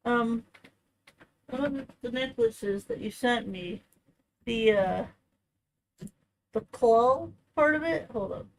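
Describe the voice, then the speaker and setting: A woman streamer chatting casually and rambling softly while she plays a game. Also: a little high, vocal fry, a little hiss or hum, low-quality recording. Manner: rambling and soft-spoken, full of fillers.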